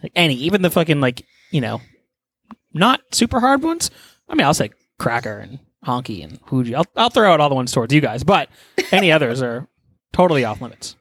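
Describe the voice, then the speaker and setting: A man's voice: medium pitch, big pitch swings, a little fast, fairly bright tone, slightly rough, no room sound. A man co-hosting a podcast in casual chat, talking crudely with lots of swearing and laughs. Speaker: podcast co-host.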